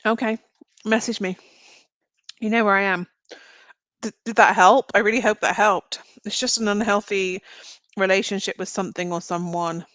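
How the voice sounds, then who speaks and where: A woman reads tarot cards on a live stream in a smooth, clear voice, wandering from thought to thought as she speaks. Her tone is reassuring and directed at each viewer. The sound is dry and close, with no room echo. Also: mid-range voice, steady tone, moderate pace, fairly bright tone. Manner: chatty and meandering, thinking aloud. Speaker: tarot reader. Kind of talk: live-streamed card reading.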